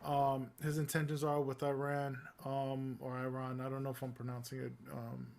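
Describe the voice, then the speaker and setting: A man's voice: medium pitch, completely flat delivery, normal speed, gravelly, darkish tone. A man co-hosting a casual news podcast, talking in a rambling, informal way with many fillers. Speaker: podcast co-host.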